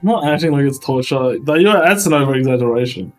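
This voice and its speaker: A man's voice: mid-range voice, lively intonation, fast, soft background music. A man bantering and teasing his friends on a casual stream. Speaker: co-player on stream.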